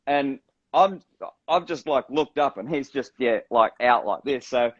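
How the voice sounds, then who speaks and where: A man's voice: medium pitch, a little slow, dry recording. Aussie tattoo guy yarning, swears a lot, dry kinda dull sound. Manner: laid-back, swears freely, acts out quotes. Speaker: tattoo artist, podcast guest. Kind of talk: casual storytelling.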